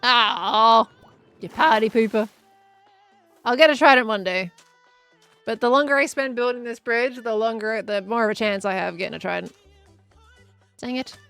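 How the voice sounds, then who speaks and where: A woman's voice: on the high side, a little fast, creaky, pauses often, a bit bright, smooth, no echo, soft background music. A woman chatting casually on a gameplay livestream, reading viewer messages aloud and answering them as she plays. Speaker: streamer.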